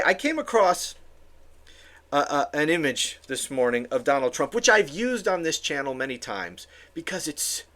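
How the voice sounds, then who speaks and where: A political commentary host ranting alone on camera, sarcastic and exasperated, often stumbling into restarts and repeated words. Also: medium pitch.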